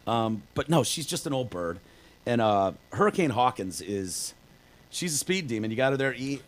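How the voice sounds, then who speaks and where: A man's voice: mid-range voice, very animated, normal speed, rough recording. A man co-hosting a podcast in casual chat, telling stories loosely with lots of fillers and swearing. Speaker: podcast co-host.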